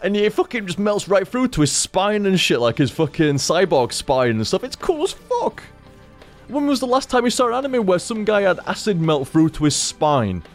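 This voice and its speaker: A man's voice: high voice, sing-song, moderate pace, faint music behind. A man, a streamer rambling casually after a stream and swearing constantly. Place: home room.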